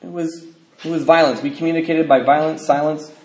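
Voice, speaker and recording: A man's voice: on the high side, fairly even intonation, a little fast. Rambling man telling his story in an echoey room. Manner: loose, rambling storytelling with many fillers; laughs through darker parts. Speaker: speaker sharing his recovery story. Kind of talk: personal testimony to a live group. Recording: echoey room, faint background noise.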